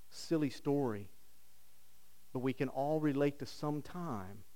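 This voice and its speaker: A middle-aged pastor with a mid-range voice preaches a sermon, telling stories punctuated by rhetorical questions. His delivery swings between loud bursts and hushed lines.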